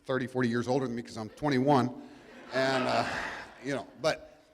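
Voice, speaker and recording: A man's voice: medium pitch, level tone, normal speed, gravelly, a little hiss or hum. Folksy man talking in a reverberant hall. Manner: folksy, joking, rambling with restarts. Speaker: guest speaker, cruising family father. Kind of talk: informal talk to an audience. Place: event venue before a live audience.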